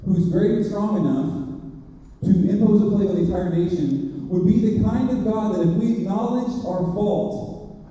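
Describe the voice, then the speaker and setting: A man's voice: high-pitched, moderate pace, warm tone. A man preaching a sermon in a conversational storytelling way, acting out characters as he tells the story. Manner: conversational, acts out characters in quotes. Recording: roomy hall, distant mic, dull sound.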